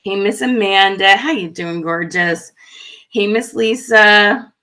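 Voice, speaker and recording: A woman's voice: mid-range voice, slow pace, sharp tone. A woman hosting a live online stream, chatting in a friendly way as she greets viewers in the comments. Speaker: livestream host.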